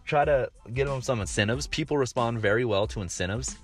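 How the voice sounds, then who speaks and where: A man's voice: medium pitch, a little fast, soft background music. A man in his thirties hosting a casual monologue, rambling with lots of fillers and restarts, blunt and swearing freely. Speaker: podcast host.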